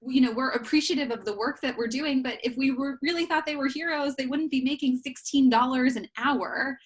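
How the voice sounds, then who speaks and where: A woman's voice: high voice, a little fast, husky. A woman in a casual podcast chat, earnest and indignant. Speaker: co-host.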